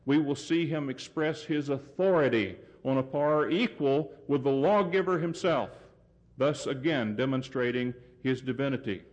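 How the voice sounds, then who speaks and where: A man delivering a sermon in an earnest, emphatic way. His voice sits at a middle pitch, climbs when he drives a point home, and slows down for weight. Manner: earnest, emphatic, rising pitch on key points, deliberate pauses. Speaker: preacher.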